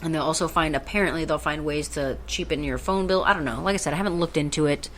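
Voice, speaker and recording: Lowish rambling woman podcaster. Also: quick pace, slight background noise. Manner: rambling, swears casually. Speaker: podcast co-host. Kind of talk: casual chat.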